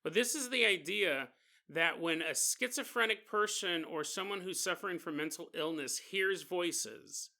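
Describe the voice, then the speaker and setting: A man hosting a podcast, telling a story in an animated, jokey way. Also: high voice, unhurried, creaky. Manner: animated and jokey, often laughing. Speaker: podcast host. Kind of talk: comedic storytelling.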